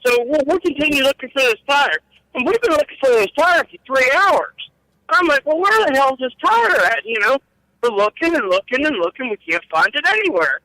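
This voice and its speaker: A man's voice: very high-pitched, big pitch swings, brisk, bright, forceful tone, no echo, low-quality recording. A middle-aged man telling rambling, profane stories about his trucking days and laughing at his own tales. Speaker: guest storyteller. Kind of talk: casual storytelling.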